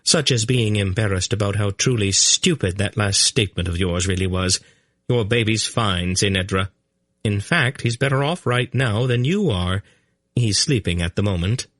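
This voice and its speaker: A man voicing a calm, commanding sorceress who speaks crisply and with motherly authority, in an audiobook reading. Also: fairly low pitch, no echo, studio quality. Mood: dry, firm. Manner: crisp, brisk, gently condescending. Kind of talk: audiobook character voice.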